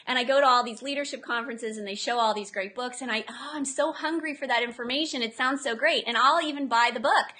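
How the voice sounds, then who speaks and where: A middle-aged woman, an entrepreneur guest in a casual interview, telling lively stories and acting out what people said. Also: fairly high pitch, fast talker, hardly any pauses. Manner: animated storyteller, acts out quotes.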